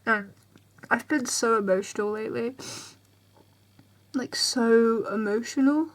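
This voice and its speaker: A young woman vlogs from her bedroom in a tired, rambling chat. Her voice sits a little high. She often trails off into soft, breathy near-whispers. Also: measured pace. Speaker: vlogger. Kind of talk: casual chat to camera.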